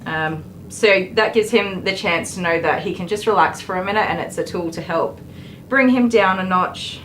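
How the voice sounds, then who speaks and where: A woman's voice: mid-range voice, moderate pace, fairly bright tone, a little hiss or hum. An Australian woman working as a dog groomer on a live stream. She jokes with viewers and soothes the dog with baby talk.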